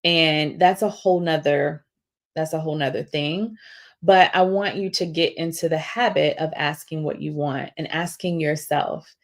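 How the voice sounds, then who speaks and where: Lively storytelling woman, low voice. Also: normal speed. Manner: animated, acts out quoted voices, laughs often. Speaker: podcast host. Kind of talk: casual storytelling.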